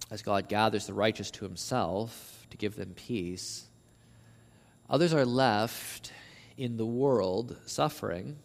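A man preaching an expository sermon with passion. He repeats words as he builds a point, swings between near shouts and low slow passages, and reads scripture aloud. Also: gravelly, big-room sound. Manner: impassioned, rising to near shouts on quoted verses, then dropping low and slow.

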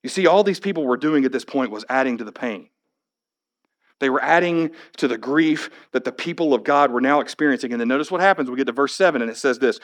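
Talking fast at a medium pitch, this man preaches as a pastor. His sermon starts conversational and plain-spoken, then builds into animated, rising stretches.

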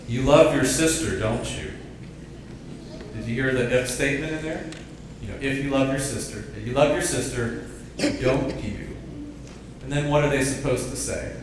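A man's voice: mid-range voice, a bit bright, a little hiss or hum. A man preaching a sermon as pastor, drawing the congregation into call-and-response. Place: church sanctuary. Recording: very echoey church hall, distant mic.

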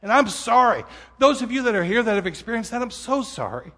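A man's voice: extremely high pitch, very animated, brisk, sharp tone, long reverb tail. A male pastor giving an earnest, vulnerable sermon appeal, at times near tears. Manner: earnest, vulnerable, self-deprecating. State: tearful at times. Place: church auditorium.

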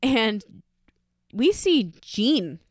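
A woman's voice: on the high side, drawn-out words, dry recording, studio quality. A woman co-hosting a casual podcast, recapping a TV show, swearing freely and acting out the characters' lines. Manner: animated, swears a lot, acts out characters' lines. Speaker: podcast co-host.

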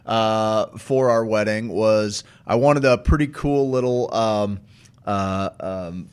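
A man's voice: fairly low pitch, smooth. A man casually telling stories on a podcast, laid-back, with many "uh"s and casual swearing. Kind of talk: casual storytelling chat.

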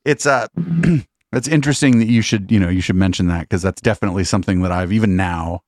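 A man's voice: fairly low pitch, fast, a little mellow, dry recording, studio quality. A man musician in a casual interview, rambling through a story with a lot of swearing and fillers.

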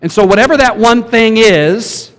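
Pastor guy giving a chatty sermon, kinda high voice, long echo off the church hall. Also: normal speed, a bit bright. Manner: conversational, asks the congregation questions. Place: church sanctuary.

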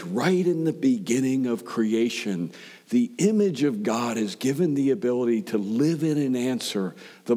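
A male preacher delivers a sermon in a relaxed storytelling manner and stacks up rhetorical questions. His voice sits low. Long reverb rings behind him, as in a large hall. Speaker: pastor.

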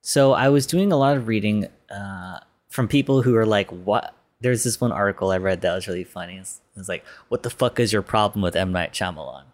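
A man's voice: fairly low pitch, brisk. A man co-hosting a podcast, chatting casually and rambling with hedges and fillers. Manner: rambling, hedging, lots of fillers. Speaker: podcast co-host.

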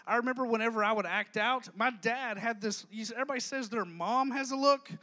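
A man preaching to a youth group, shifting from a soft, low prayer into loose, humorous storytelling. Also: fast talker. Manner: prays softly, then tells stories with humor. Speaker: youth pastor.

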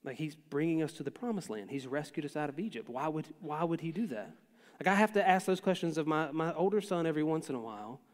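Male pastor, high voice, chatty sermon delivery, lingering hall echo. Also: lively intonation, fast talker. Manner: conversational preaching, acts out quotes.

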